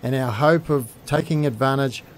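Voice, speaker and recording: A man, hosting a fishing show and giving a steady, informative scripted voice-over. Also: medium pitch, moderate pace, slight background noise.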